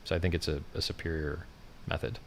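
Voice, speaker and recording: A man's voice: rumbling low, little pitch movement, fast, a little hiss or hum. A man hosting a casual livestream, talking in a brash, mocking, ranting way as he scrolls and comments. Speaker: livestream host.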